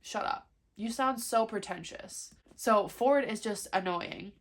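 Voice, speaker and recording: A woman's voice: medium pitch, slow pace. A young woman vlogging casually about her reading, talking in a chatty, frustrated way with lots of fillers. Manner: chatty, frequent "like", frustrated rant. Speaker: book vlogger. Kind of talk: casual chat.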